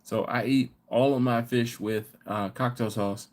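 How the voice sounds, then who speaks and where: Male streamer from the US, mid-pitched, loose rambling chat with viewers. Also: steady tone, a little slow. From United States. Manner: rambling storyteller, reads out viewer comments. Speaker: host of a live barbecue channel. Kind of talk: casual live-stream chat.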